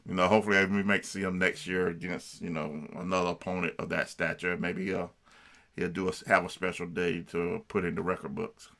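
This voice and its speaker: A man's voice: low voice, little pitch movement, brisk, gravelly, pushed and bright. A man co-hosting a sports talk show, chatting casually and agreeably like a fan. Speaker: co-host.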